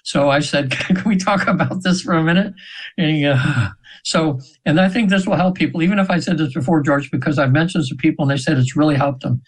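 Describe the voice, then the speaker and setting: An older man in his seventies, a guest on a radio interview, recounts a spiritual experience. He speaks at a slightly raised pitch and rambles earnestly, with many restarts and quoted asides. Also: low-quality recording. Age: 70s. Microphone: radio interview mic.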